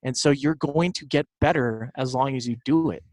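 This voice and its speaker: A man's voice: medium pitch, normal speed, darkish tone, dry recording, poor audio. A man from Southern California in his thirties, a baseball broadcaster, telling stories easily as a guest in a casual interview. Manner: easygoing storyteller.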